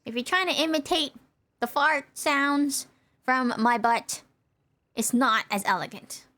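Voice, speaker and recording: A woman's voice: sits high, expressive, measured pace, bright, forceful tone, slight background noise. A young woman streamer giving playful, rambling commentary as she plays a game, often breaking into giggles. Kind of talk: casual gaming commentary.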